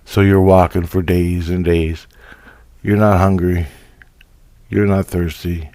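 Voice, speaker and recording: Low-voiced man ranting profanely. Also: flat delivery, slow, a little mellow, no room sound. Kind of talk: casual spiritual vlog monologue.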